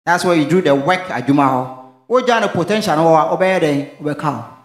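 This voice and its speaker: A man's voice: on the high side, animated, moderate pace, roomy sound. A man, preaching a sermon and asking questions for the congregation to finish, mixing in local phrases. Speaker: pastor. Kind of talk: call-and-response sermon.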